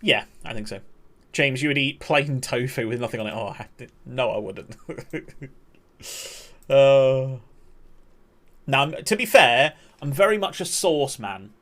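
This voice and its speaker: A man's voice: medium pitch, lively intonation, a little slow, long pauses, a bit bright. A man chatting casually on a game stream, swearing and talking to his chat.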